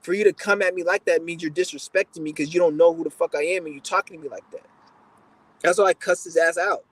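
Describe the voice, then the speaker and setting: A man's voice: fairly high pitch, fairly even intonation, quick pace, fairly bright tone, no room sound. A young man hosting a livestream, answering questions in a blunt, profane, rambling rant with frequent stammering restarts. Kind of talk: casual ranting chat.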